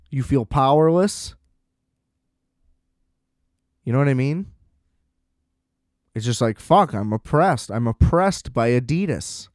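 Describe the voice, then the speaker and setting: A man's voice: medium pitch, a little mellow, no room sound, studio quality. Profane, exasperated man ranting on a podcast. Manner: exasperated, profane ranting with sarcastic quoted exchanges. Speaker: podcast host. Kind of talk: solo ranting monologue.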